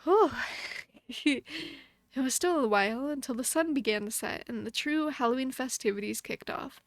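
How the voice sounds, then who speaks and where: A young woman streamer reading a bedtime story aloud in a soft, motherly storybook voice. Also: high-pitched, moderate pace, dry recording, clean studio sound. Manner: chatty and thankful toward her viewers.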